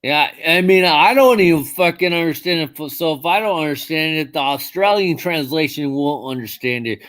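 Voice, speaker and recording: A drunk man hosting a livestream, loud and profane, laughing with his callers. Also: fairly high pitch, moderate pace. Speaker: host. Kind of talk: livestream chat.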